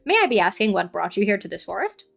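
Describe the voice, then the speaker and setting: A woman voicing a gentle, formal giant male tea-shop keeper in a game, with stiffly polite phrasing. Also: mid-range voice, big pitch swings, quick pace, gravelly, faint music behind, full character voice. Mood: curious.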